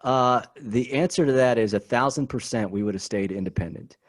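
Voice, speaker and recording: A man as a podcast guest, talking in an animated, emphatic way and often repeating his words. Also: medium pitch, a little fast. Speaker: guest, team spokesman. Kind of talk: casual podcast chat.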